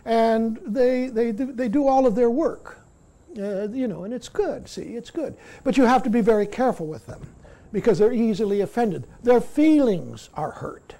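A man giving a Zen dharma talk as the teacher, halting and dropping "see?" after many points. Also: extremely high pitch, animated, warm tone.

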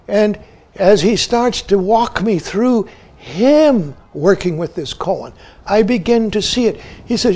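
Slow older man teaching with repeated "see". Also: high-pitched, lively intonation. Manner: says "see" again and again, slow and deliberate; drops to hushed whispers when retelling a story. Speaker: Zen teacher. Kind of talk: dharma talk.

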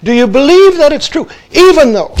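A man giving a reflective Zen dharma talk, often saying "see" and dropping to hushed tones. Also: very high voice, very animated, moderate pace. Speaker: Zen teacher.

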